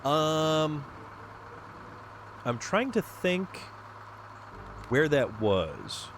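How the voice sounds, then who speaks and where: Excitable man chatting while streaming a game. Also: a little high, drawn-out words, a little hiss or hum. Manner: excitable, chatty, answering viewers. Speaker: livestream host. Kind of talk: casual chat while playing a video game.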